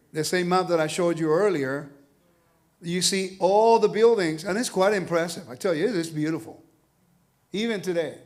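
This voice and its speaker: A man teaching a congregation, lively and animated, often asking his listeners questions. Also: sits high. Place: congregation hall.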